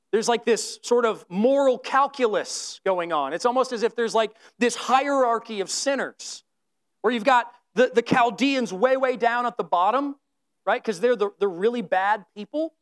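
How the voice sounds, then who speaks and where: A preacher delivering a sermon in an earnest, conversational way, often checking in with the listeners with a quick "right?" and growing more fervent when speaking of holiness. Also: mid-range voice. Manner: conversational and earnest, with tag questions.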